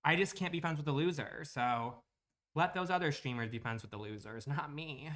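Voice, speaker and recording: A man's voice: fairly high pitch, normal speed, fairly bright tone. A man chatting bluntly and profanely with viewers while streaming a building game. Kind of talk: casual livestream chat.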